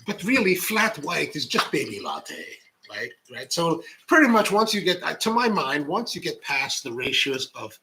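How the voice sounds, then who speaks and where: A man's voice: fairly high pitch, big pitch swings, normal speed, background noise. A middle-aged man hosting a coffee show, chatting casually and rambling as he reads out viewer comments. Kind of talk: casual live-stream chat.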